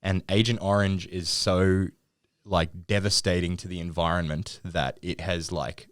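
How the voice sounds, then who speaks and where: Deep-voiced man explaining. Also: little pitch movement, a little slow, dry recording, clean studio sound. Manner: explanatory, earnest, slangy. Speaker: podcast co-host. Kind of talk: casual chat.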